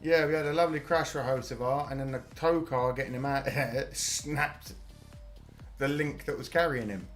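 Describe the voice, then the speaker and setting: A man's voice: mid-range voice, normal speed. Chatty British male streamer, light music behind. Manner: chatty, laughs often, casual swearing. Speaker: live-stream host. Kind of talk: live watch-party reaction commentary.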